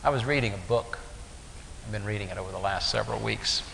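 Gravelly preacher man in an echoey hall. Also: lowish voice, fast, a bit bright. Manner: storytelling, acts out voices in anecdotes. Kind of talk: sermon. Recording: echoey hall with faint hiss.

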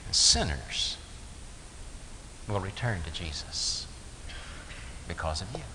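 A preacher delivering a sermon, telling stories and acting out the voices in them. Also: male voice, low voice, sing-song, slow pace. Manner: storytelling, acts out voices in anecdotes. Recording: echoey hall with faint hiss.

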